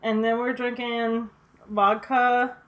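A woman with a voice on the high side co-hosts a casual podcast, chatting about a horror movie while a bit tipsy from drinking. She speaks slowly with little pitch movement, laughing often, swearing, and rambling with lots of "likes," and the sound is lo-fi.

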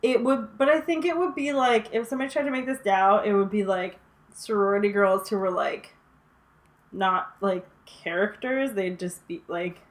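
A woman's voice: medium pitch, normal speed. A woman co-hosting a casual podcast chat, rambling and swearing, a bit tipsy from drinking. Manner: laughs often, swears, rambling with many likes. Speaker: podcast co-host. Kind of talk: casual chat about a horror movie.

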